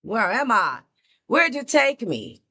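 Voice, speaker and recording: A woman hosting a music reaction, commenting in an excitable, exclamatory way and talking straight to her viewers. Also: on the high side, slow pace, slightly rough.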